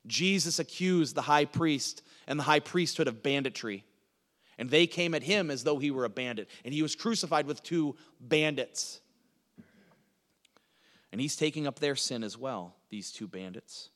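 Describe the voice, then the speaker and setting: A man preaching a sermon, teaching through a Bible passage with emphatic delivery that swings from loud to hushed. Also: a little high, animated, moderate pace, big-room sound.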